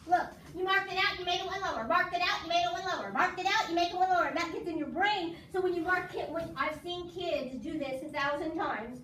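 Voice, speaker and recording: A woman's voice: extremely high pitch, quick pace, few pauses, sharp tone. A woman teaching subtraction at home, patient and coaxing, drilling a student in call-and-response. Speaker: math teacher. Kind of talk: casual home math lesson. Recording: echoey room from far off, faint background noise.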